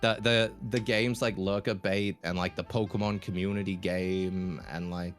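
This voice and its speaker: A man's voice: deep voice, steady tone, normal speed, soft background music. A man from Australia with a mixed Australian accent, a guest content creator in a casual chat. He is chatty, stammers, restarts a lot and laughs easily.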